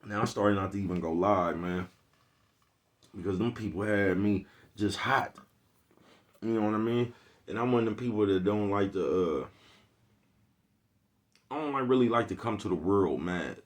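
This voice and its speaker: A livestream vlogger rants casually in streetwise slang, constantly asking viewers "you know what I'm talking about." His voice sits on the low side, at normal speed, with frequent pauses.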